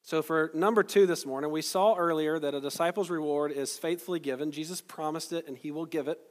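A man's voice: on the high side, steady tone, brisk. A man preaching a sermon in a conversational tone. He explains the text verse by verse and puts questions to his listeners. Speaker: pastor. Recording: long hall reverb.

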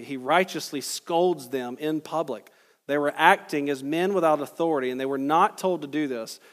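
Emphatic male preacher in a reverberant church. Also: a little high. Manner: earnest, emphatic preaching with rising intensity on key phrases. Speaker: pastor. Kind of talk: sermon. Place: church sanctuary. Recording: long hall reverb.

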